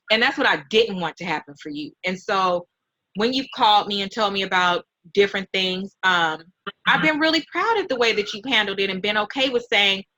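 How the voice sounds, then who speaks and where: A middle-aged woman hosting an interview, talking in a heartfelt, animated, mentoring way. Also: mid-range voice, low-quality recording. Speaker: host and nonprofit founder. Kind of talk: emotional casual interview.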